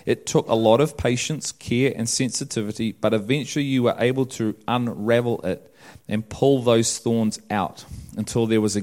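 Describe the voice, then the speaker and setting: A man preaching a sermon, recounting a vision calmly at first, then building to loud, drawn-out preaching. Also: on the low side. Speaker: pastor.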